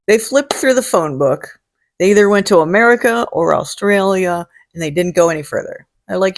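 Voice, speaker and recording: A woman's voice: medium pitch, normal speed. A woman hosting a casual vlog, talking in a jokey, salty way and swearing freely. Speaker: host. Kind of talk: casual chat.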